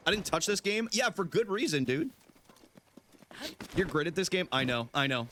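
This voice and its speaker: A man's voice: normal speed, long pauses. Young guy streamer joking with chat, voice jumping all over, faint game noise behind. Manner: goofy, banters with chat, animated swings in pitch. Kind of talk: casual live gameplay chat.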